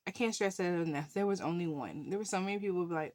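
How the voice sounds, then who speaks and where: Chatty woman with a low voice. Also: quick pace, darkish tone, dry recording. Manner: chatty, many fillers, laughs while telling. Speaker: budgeting channel host. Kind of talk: casual storytelling vlog.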